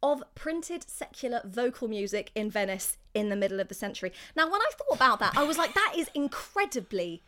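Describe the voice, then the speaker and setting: Woman, podcast co-host, chatty and giggly, voice a bit high. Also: big pitch swings, quick pace, few pauses, pushed and bright. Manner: chatty, giggly, trails off with fillers. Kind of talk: casual chat about classical music.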